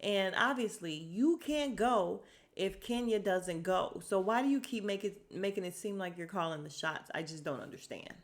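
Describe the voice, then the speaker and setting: Her voice is mid-range with lively intonation and a moderate pace. In this casual solo podcast recap of a reality show, she sounds chatty and fed up as she performs the cast members' lines.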